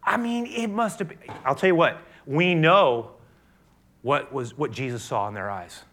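A man preaching a sermon, who swings from hushed to loud and often restarts and repeats himself as he builds. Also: mid-range voice, a little slow. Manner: frequent restarts and repetitions. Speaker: pastor.

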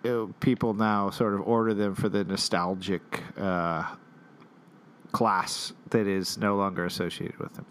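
A man's voice: fairly low pitch, fairly even intonation, a little slow, a bit bright. A man in casual conversation, hesitating with fillers and playful teasing. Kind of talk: casual chat.

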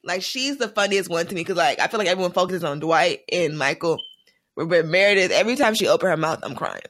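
A man hosting a casual podcast, an animated storyteller who laughs often. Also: high voice, fast talker, no echo, clean studio sound. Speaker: podcast host.

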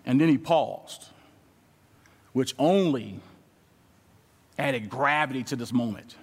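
A male guest preacher telling a story in a sermon, animated and acting out the dialogue in different voices. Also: slow, slightly rough. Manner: animated, acts out quoted dialogue with shifting pitch. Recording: long hall reverb.

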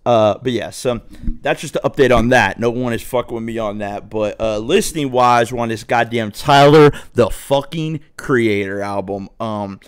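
A man's voice: mid-range voice, normal speed, clean tone, no echo, clean studio sound. A young man from Southwest Ohio, a podcast host telling a story in a casual, profane, swaggering way.

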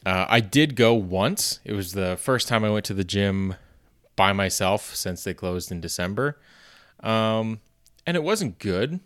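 This solo podcast host speaks a little slowly in a fairly low, expressive voice with a touch of brightness. He rambles along in a loose, self-deprecating chat, dropping frequent "you know"s and now and then a curse.

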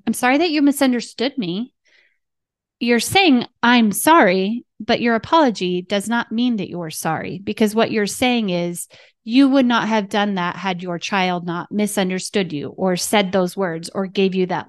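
A woman's voice: mid-range voice, no echo, clean studio sound. A woman, a parent coach, hosting a podcast and teaching in numbered steps, often checking in with "right?" and "okay.". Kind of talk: instructive podcast talk.

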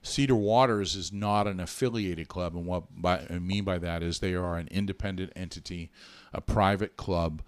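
A middle-aged man co-hosting a podcast, telling a personal story in an earnest, animated way with many restarts. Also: sits low, no echo. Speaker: podcast co-host. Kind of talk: casual storytelling chat.

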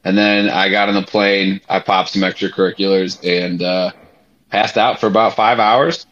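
A young man on a podcast, telling a story in a loose, animated way, swearing freely and using lots of fillers. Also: low-pitched, normal speed. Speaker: podcast co-host. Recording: slightly muffled podcast audio.

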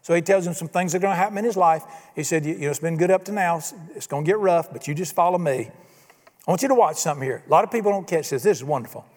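A man delivers a sermon from the pulpit, his voice sitting high for a man. He talks in a folksy way, throwing out rhetorical questions. The sound carries a long reverb from the church hall. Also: rapid-fire, few pauses, a little mellow. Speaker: pastor.

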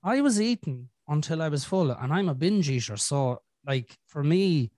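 A man's voice: fairly high pitch, expressive, normal speed, a little mellow, no echo, studio quality. A man hosting a podcast, telling his own story in a candid, casual way and swearing often. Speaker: podcast host. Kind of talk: casual conversation.

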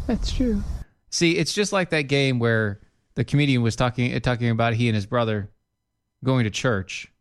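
An animated man co-hosting a relaxed talk show. His voice sits at a middle pitch and jumps up high when he wants to stress a point. The tone is jokey and conversational. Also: moderate pace, clean tone. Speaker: podcast co-host. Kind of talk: casual chat.

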